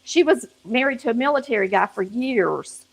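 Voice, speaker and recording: High, gravelly Southern woman cooking. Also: animated, moderate pace, poor audio. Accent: Southern US, country. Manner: folksy and chatty, talks straight to viewers while cooking. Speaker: cooking show host. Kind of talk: casual cooking chat to viewers. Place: home kitchen.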